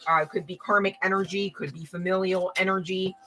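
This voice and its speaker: A woman's voice: on the low side, fairly even intonation, fairly quick, background noise. A woman giving a spiritual card reading to her audience in a casual, blunt, slangy way, swearing and laughing often.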